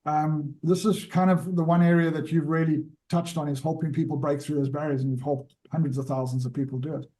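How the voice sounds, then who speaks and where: Man, interview host, slightly high voice, rambling, keeps restarting sentences. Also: flat delivery, fairly quick, warm tone. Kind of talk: casual interview.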